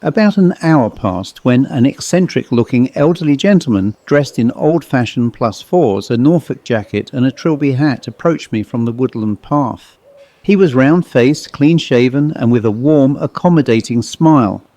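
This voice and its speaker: Mellow male audiobook narrator. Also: medium pitch, lively intonation, no echo. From England. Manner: measured, reflective. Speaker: author and narrator.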